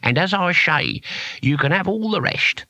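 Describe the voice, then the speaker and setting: A cool old barbarian speaks in short, calm phrases that carry a quiet menace, as a man voices him in a storybook reading. The voice is bright and dry, with a lively rise and fall. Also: high voice, moderate pace, no echo, pitched above the performer's own voice, full character voice. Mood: laconic. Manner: calm, laconic.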